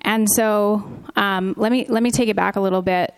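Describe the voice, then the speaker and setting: Woman co-host, earnest faith testimony, halting and sincere, mid-pitched. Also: fairly even intonation, clear, resonant tone. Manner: earnest, with frequent ums and restarts. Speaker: podcast co-host. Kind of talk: candid Christian testimony.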